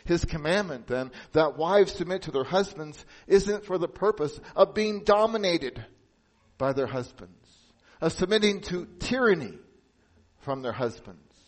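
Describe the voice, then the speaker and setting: A man preaching a sermon as pastor. He speaks earnestly and drops to a hushed, solemn tone for emphasis. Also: on the high side, rough recording.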